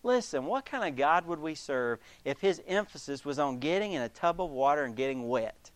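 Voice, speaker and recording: A man preaching a sermon as pastor, emphatic and animated, acting out the voices of the people he quotes. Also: on the high side, moderate pace, dry recording.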